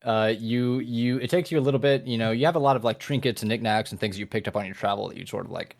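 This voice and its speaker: A man's voice: mid-range voice, fast talker, gravelly. A man acting as game master, narrating a tabletop game in a rambling way with many fillers.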